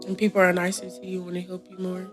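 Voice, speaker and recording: A woman who is a guest on a podcast, chatting casually and telling lively family stories. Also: lowish voice, fast, faint music behind. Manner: lively storyteller, often acts out family members' lines. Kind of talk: casual chat.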